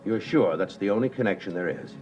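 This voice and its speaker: A man's voice: on the low side, fairly quick, over music, lightly acted, poor audio. An actor playing an anxious painter and father who hesitates and frets. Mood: worried. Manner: hesitant, many uh's, fretful.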